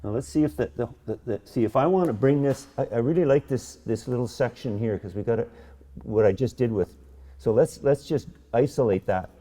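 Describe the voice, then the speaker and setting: A middle-aged man teaches painting from his studio, his mid-range voice dark in tone and a little fast. Chatty and enthusiastic during the demonstration, he repeatedly restarts sentences and repeats words as he works.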